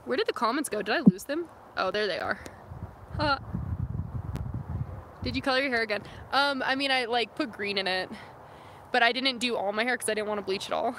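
A young woman from California chatting on a phone livestream inside her van, playful and talkative. Her voice sits high and sounds bright and forward. A faint hiss of background noise runs under her talk. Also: fairly quick, long pauses. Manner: chatty and playful, tries out mock accents. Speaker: vlogger and snowboarder. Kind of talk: casual livestream chat. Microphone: phone camera.

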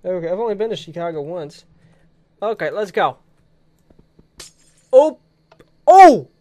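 A young man giving excited let's-play commentary, giggly and bursting into shrieks and laughter. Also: high-pitched, measured pace. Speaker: gaming video creator.

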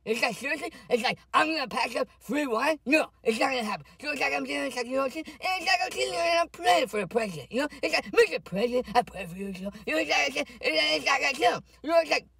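A man's voice: very high-pitched, animated, quick pace, gravelly, few pauses, pushed and bright, no echo, recorded from a distance, heavily acted. A man voicing a drunk, indignant older female politician who rambles and keeps repeating "it's like" and "okay". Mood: ranting drunk. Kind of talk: comedic parody rant.

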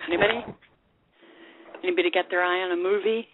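A woman's voice: fairly low pitch, steady tone, fast talker, noisy background. A woman co-hosting a casual call-in radio chat, telling a joke and laughing at herself. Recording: tinny phone-line sound.

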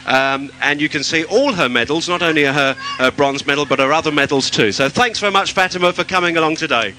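Bright, sharp-voiced radio presenter. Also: male voice, fairly high pitch, slight background noise, rough recording. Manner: brisk, upbeat thanks and plugs. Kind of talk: live outside broadcast presenting.

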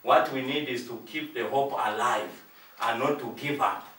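Heard from far off in an echoey room with slight background noise, a Zambian pastor preaches in a medium-pitched, sharp voice at a normal speed. He hammers his points through repetition and acts out brief dialogues in different voices.

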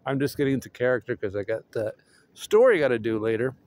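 A man vlogging casually outdoors with his dog, excitable and laughing often, his voice going hoarse. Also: fairly high pitch, brisk. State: losing his voice. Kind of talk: casual vlog chat.

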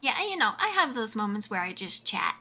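A woman's voice: a little high, pushed and bright, husky. A woman streamer chatting casually while she plays, giggly and rambling, full of "like" fillers. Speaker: game streamer. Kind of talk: casual live-stream chat while playing.

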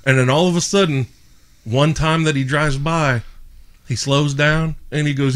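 Profane animated male podcast host. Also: on the high side, moderate pace. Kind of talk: casual chat, storytelling.

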